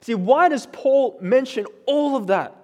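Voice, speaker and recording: A man preaching a sermon in a conversational, animated way, often checking in with the congregation with questions. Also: extremely high pitch, a little slow, big-room sound. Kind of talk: expository sermon.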